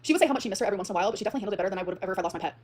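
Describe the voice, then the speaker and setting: A woman's voice: medium pitch, expressive, very fast, a little mellow. A woman ranting dramatically in a vlog, swearing often and telling a heated personal story. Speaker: streamer in a clip being reacted to.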